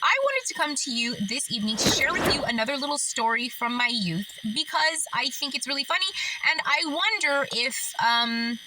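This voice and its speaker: A woman telling a family story in a casual, reflective vlog, chatty and full of fillers and thoughtful asides. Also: on the high side. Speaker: author and storyteller. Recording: distant mic, steady background noise.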